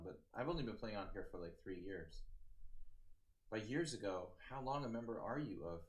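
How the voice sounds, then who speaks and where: A man streaming chess live, with casual commentary and joking banter aimed at his chat. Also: fairly low pitch.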